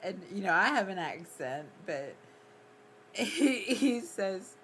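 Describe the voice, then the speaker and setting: Woman streamer, easygoing chat, slow and giggly storyteller. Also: mid-range voice, sing-song, background noise. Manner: laughs often, giggly, rambling. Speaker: livestreamer.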